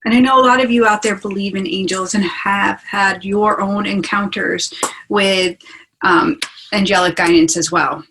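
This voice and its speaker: A woman of middle pitch gives a casual teaching talk over a video call. She is chatty and enthusiastic and keeps asking her listeners along with her. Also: fairly even intonation, normal speed, a bit bright, poor audio. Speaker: spiritual teacher hosting a webinar.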